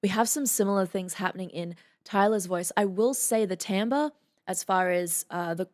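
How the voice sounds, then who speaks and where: A woman's voice: mid-range voice, moderate pace, darkish tone. A woman voice coach giving a casual reaction commentary. She is friendly and explains vocal technique in analytical detail.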